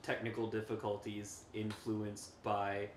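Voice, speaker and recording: Low-voiced man playing a tabletop game. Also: unhurried. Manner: laughing, animated planning. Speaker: player. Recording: echoey room, faint noise.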